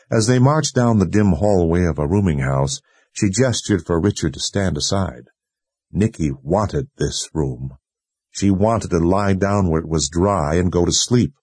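A man reading a fantasy novel aloud in steady scripted narration. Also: low voice, breathy edge, no room sound. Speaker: audiobook narrator.

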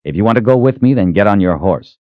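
Man as a fierce young hero, forceful and threatening; lively delivery, dry, dull audio. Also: on the low side, quick pace, no room sound, close to an everyday voice. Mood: curt. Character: defiant young male hero with magic, fierce and commanding.

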